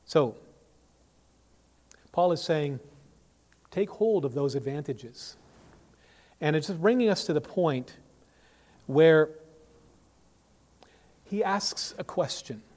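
A male pastor preaching a sermon, emphatic, with sharp swings from loud to quiet and many rhetorical questions. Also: fairly high pitch, lively intonation, slow pace, pauses often. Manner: emphatic, rises and falls sharply in volume, asks rhetorical questions. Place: church sanctuary. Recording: long reverb of a church hall.

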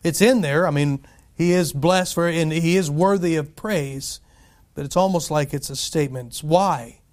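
A man preaching a sermon, emphatic, asking and answering his own questions and slowing down to stress scripture phrases. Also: high-pitched. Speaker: pastor.

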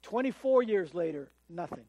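High-voiced man preaching a conversational sermon. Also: expressive, moderate pace, dark tone, no room sound. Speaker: pastor.

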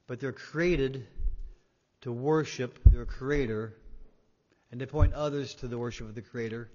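A man preaching a sermon, emphatic, swinging between loud and quiet and repeating words for weight. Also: mid-range voice. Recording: dull sound in a reverberant hall.

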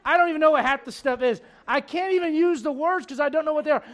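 A man in his forties, a pastor preaching a sermon in a church with joking, animated storytelling. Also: extremely high pitch, quick pace, hardly any pauses. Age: 40s.

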